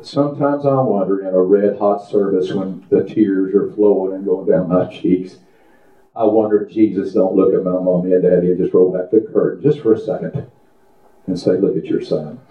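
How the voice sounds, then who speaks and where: A man's voice: steady tone, normal speed. A man preaching a testimony sermon in church, telling stories and praying aloud with fervor. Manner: fervent, prays aloud with rising pitch, folksy storytelling. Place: church service. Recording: echoey room over a tinny phone-like line.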